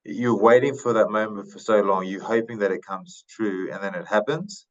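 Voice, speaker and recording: A man in his thirties from Papua New Guinea, a podcast guest telling his story in a thoughtful, unhurried way with many fillers and restarts. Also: on the low side, dull audio. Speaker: podcast guest, retired rugby league player. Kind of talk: casual interview storytelling.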